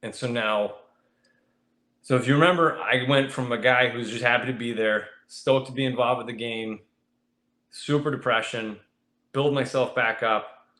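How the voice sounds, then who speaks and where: A young man telling stories as a podcast guest in a casual, animated way, with a voice of middling pitch. He often jumps high when he quotes his friends. The room around him is echoey. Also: moderate pace. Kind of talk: casual storytelling.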